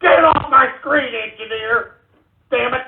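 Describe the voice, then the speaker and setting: A man hosting an internet radio talk show, ranting and cursing at trolls and breaking into shouts. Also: very high-pitched, measured pace, vocal fry, a little hiss or hum. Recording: tinny phone-like lo-fi audio.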